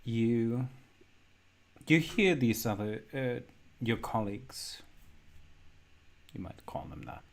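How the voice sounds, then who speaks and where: Slow, measured male horror game master. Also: medium pitch. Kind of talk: narrating a horror tabletop game.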